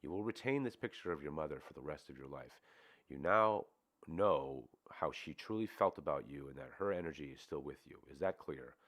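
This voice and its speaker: A man reading the part of a calm male hypnotherapist, asking steady, guiding questions. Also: rumbling low, a little fast, exaggerated voice.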